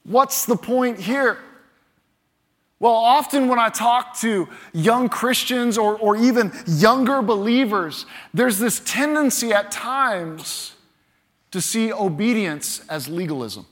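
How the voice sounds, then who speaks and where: A man with a high voice preaches from the pulpit. His delivery is animated, and he acts out the voices he quotes. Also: slow. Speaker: pastor. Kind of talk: sermon.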